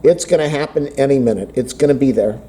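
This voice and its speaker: A fast-talking man rambles about a phone update in a casual vlog, self-deprecating, almost talking to himself. His warm mid-range voice comes through a camera mic across an indoor room, in a rough recording with a little hiss or hum.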